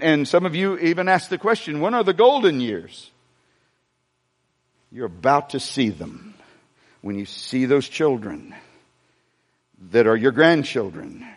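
A man preaching a sermon to a congregation, joking and asking the room questions as he goes. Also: fairly high pitch. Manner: animated preaching with humor and asides to the congregation. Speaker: pastor. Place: church sanctuary before a congregation. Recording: long hall reverb.

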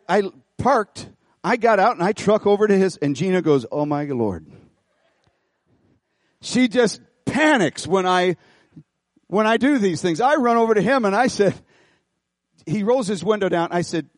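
A middle-aged man pastoring a church, preaching an animated sermon, folksy and full of repeated phrases as he tells a story. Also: high-pitched, measured pace, long pauses, no echo, clean studio sound. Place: church auditorium.

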